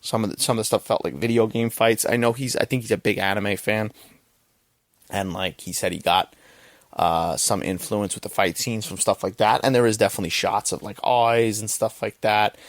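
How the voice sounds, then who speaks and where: A young podcast host talks through a film review in loose, rambling fashion, swearing freely and punctuating points with "right?". His voice sits low with a gravelly rasp. The sound is dry and close. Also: dry recording. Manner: rambling, profane, frequent "right?". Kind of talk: casual movie review.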